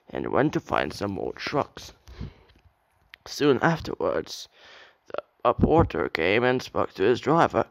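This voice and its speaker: Slow gravelly male storybook narrator. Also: mid-range voice, sing-song, a bit bright, dry recording, highs cut off. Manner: reads aloud with occasional slips and restarts.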